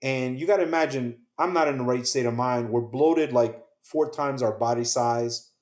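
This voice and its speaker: A man's voice: mid-range voice, moderate pace. Man telling his story in an echoey room. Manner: earnest, acts out quoted voices, drops soft at painful moments. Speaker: podcast guest, survivor telling his story. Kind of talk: emotional first-person storytelling.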